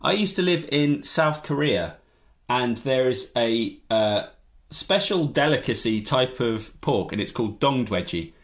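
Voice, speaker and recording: A man guesting on a podcast, ranting in an animated, jokey way during casual chat. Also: medium pitch, a little slow.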